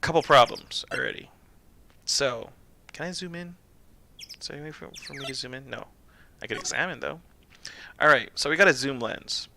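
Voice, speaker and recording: A man's voice: mid-range voice, normal speed, gravelly, long pauses, a little hiss or hum. A young man streaming a game, chatting casually and joking, putting on voices. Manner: joking, animated, puts on voices. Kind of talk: casual let's-play chat.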